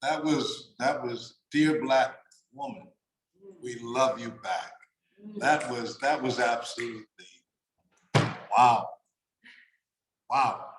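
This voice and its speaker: A man's voice: medium pitch, steady tone, slow pace, pauses often, roomy sound, a little hiss or hum, rough recording. A man hosting an online event, speaking with frequent exclamations. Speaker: event host. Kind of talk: casual hosting.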